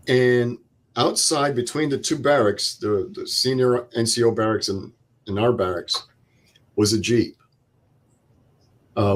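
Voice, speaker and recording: An older man, a veteran guest, telling a vivid step-by-step war story and acting out the dialogue. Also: mid-range voice. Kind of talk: interview storytelling.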